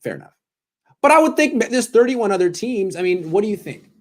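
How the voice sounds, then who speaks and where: A man's voice: sits high, expressive, brisk. A young man hosting a postgame live stream, joking sarcastically and answering donations, his voice cracking when he gets worked up. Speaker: sports show host.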